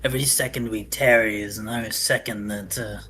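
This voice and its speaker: A man's voice: fairly low pitch, steady tone, brisk, sharp tone, slight background noise. A man playing an impatient adventurer who pushes the party to keep moving. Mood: pushy. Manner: urgent, pushy. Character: impatient male adventurer, eager to get moving.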